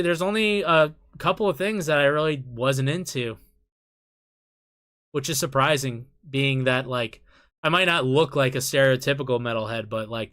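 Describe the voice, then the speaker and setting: A man's voice: medium pitch, a bit bright. A young man chatting casually on a live stream, reading and answering chat, swearing freely and often breaking into laughter.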